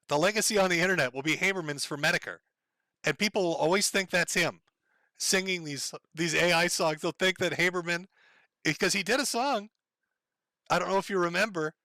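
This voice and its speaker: A man's voice: high-pitched, bright, forceful tone, no echo. A man with a Minnesota accent hosting a livestream, chatting casually to his viewers in a rambling, profane way, often chuckling. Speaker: livestream host.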